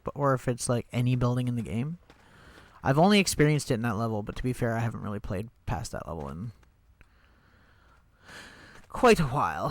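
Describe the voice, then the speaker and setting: A man's voice: mid-range voice, dry recording. A man streaming a game, thinking aloud in casual commentary with wry, sarcastic asides.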